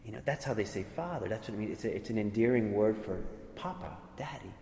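A man's voice: lowish voice, lively intonation, fast, a little mellow, slight background noise. A man preaching a sermon in an earnest way, often repeating words and acting out what others might say. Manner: earnest, repeats words, voices imagined speakers. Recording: echoey hall with long reverb.

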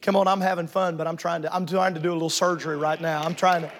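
A man preaching a sermon in a church sanctuary before a congregation, fervent and rising to shouts, joking with the crowd between points. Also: on the high side, level tone, fast talker, noisy background.

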